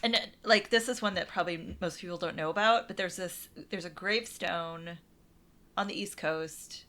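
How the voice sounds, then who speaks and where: A woman's voice: lowish voice, moderate pace, fairly bright tone. An American woman co-hosting a podcast, chatting casually in a playful, teasing way. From USA. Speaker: podcast co-host. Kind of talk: casual chat.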